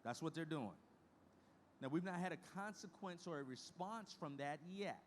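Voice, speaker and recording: A man's voice: fairly high pitch, expressive, normal speed, a little hiss or hum. A middle-aged man giving a conference presentation in a folksy, emphatic way, repeating key phrases for emphasis. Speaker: conference speaker.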